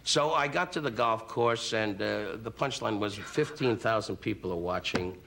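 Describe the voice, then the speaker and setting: A man on a talk show doing quick insult comedy, full of teasing put-downs, heard on an old broadcast. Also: lowish voice, creaky. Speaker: comedian guest. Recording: old broadcast with steady background noise.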